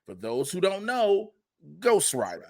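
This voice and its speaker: A man hosting a podcast in casual chat, animated and profane, acting out quotes in funny voices. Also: high-pitched, unhurried. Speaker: podcast host.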